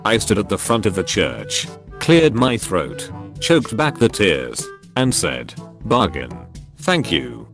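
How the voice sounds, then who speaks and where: Male narrator, low and lively, deadpan joke reading, faint music underneath. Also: slow pace. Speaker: narrator reading Reddit posts. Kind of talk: scripted narration of jokes.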